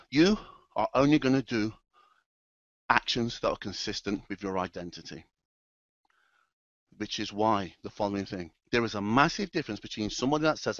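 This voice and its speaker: A man's voice: on the low side, no echo, muffled recording. Emphatic man giving a trading seminar. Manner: emphatic, repetitive, direct address to audience. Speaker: trading educator and presenter. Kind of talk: motivational trading seminar talk.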